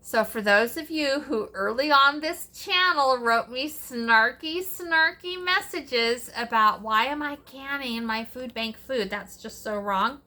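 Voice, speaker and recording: A woman's voice: high voice, expressive, slow pace, bright, forceful tone. A middle-aged woman hosting a casual cooking vlog, chatting along with sassy asides as she works. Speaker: cooking channel host.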